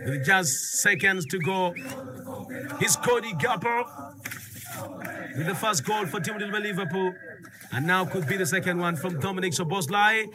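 A man doing excitable live football commentary, rapid and sing-song. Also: high-pitched, noisy background. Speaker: sports radio commentator.

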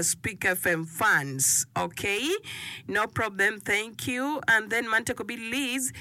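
In a radio studio, a woman presents a show, reading listeners' song requests and greetings aloud and teasing the senders with playful banter between messages. Her medium-pitched voice is bright and forceful, and the recording is dry.

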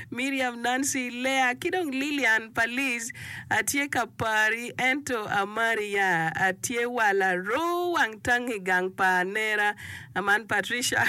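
A woman's voice: fairly high pitch, pushed and bright, dry recording. A woman presenting a radio show, reading out listeners' song requests and greetings and teasing the senders. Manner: playful, teasing banter between messages. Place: radio studio.

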